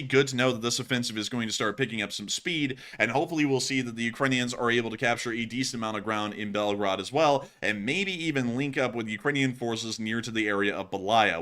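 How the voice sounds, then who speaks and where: A man's voice: medium pitch, a bit bright. A man hosting a war news show, casually talking through frontline updates and pointing at a map, with the odd stumble. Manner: conversational analysis with occasional stumbles.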